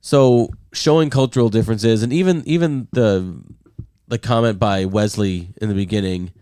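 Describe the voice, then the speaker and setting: Male podcast co-host, lowish voice, thoughtful, dry close sound. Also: moderate pace, mellow, clean tone, no echo. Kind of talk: casual chat.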